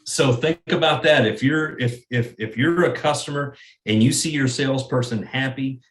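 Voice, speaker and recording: A man's voice: medium pitch, moderate pace, a bit bright, reverberant. A man who is a guest on an interview, speaking earnestly and often repeating words as he thinks. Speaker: guest, sales manager. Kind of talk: interview conversation.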